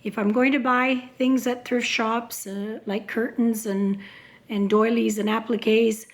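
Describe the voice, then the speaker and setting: A woman's voice: a little high, steady tone, measured pace. A woman who is losing her voice, chatting casually as she shows off a handmade craft journal, with lots of ums and restarts. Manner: chatty, many filler words and restarts. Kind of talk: casual show-and-tell vlog.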